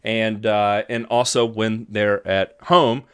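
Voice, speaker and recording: A man's voice: fairly low pitch, flat delivery, slow pace, clear, resonant tone. A man hosting a live lawn care stream, casually greeting viewers by name and laughing easily. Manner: upbeat shout-outs, laughs easily.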